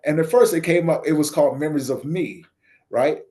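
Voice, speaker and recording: A man guesting on an interview show, telling a personal story in casual chat and acting out the other people's lines. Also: brisk. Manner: animated storyteller, acts out dialogue with voice shifts; drops soft and low when quoting others. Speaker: podcast guest, nonprofit founder.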